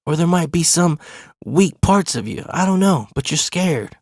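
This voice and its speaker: A blunt male basketball coach pushes his point hard and swears as he lectures, as a man retells him. His voice rides higher than the teller's own, with a gravelly edge. It sits dry and close. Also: animated, normal speed, darkish tone, no echo. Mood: earnest. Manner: insistent, coaxing, swearing at times.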